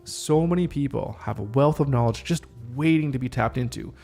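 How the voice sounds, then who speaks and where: A man's voice: mid-range voice, a little fast, gravelly, a little mellow, faint music behind. A man hosting a podcast, reading draft lines of a script aloud, stopping often to rethink and reword them. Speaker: podcast host. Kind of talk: casual solo script rehearsal.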